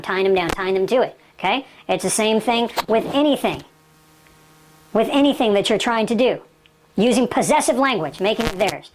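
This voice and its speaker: A woman's voice: a little high, a little hiss or hum. Emphatic woman sales trainer. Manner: emphatic, repetitive, keeps checking in with "okay?".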